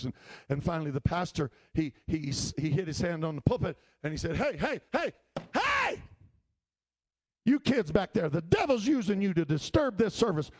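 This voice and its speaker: A man preaching a sermon, telling stories and rising into shouted appeals. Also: mid-range voice, dry recording. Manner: storytelling preaching that climbs into shouting.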